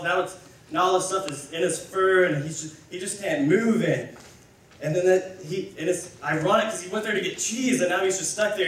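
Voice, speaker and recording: A man preaches in a loose, rambling way, often restarting his sentences. His voice sits a little high for a man. It is heard from afar in a big echoey hall with faint room ambience. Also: a bit bright, a little hiss or hum. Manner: rambling, conversational, self-correcting. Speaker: speaker. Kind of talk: casual sermon. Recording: echoey hall, mic far off.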